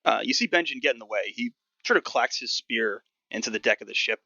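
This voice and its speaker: A male game master narrates a tabletop game in a loose, relaxed way, filling gaps with ums and uhs. His voice is gravelly and bright. A dull, lo-fi mic with no room sound carries it. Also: mid-range voice, fairly quick, no echo.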